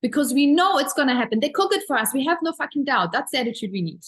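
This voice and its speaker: A woman's voice: high voice, sing-song, quick pace, poor audio. Woman teaching manifestation with gushing enthusiasm. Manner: earnest, repetitive, emphatic affirmations; enthusiastic, gushing about pleasure and gratitude. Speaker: manifestation coach. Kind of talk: spiritual teaching talk.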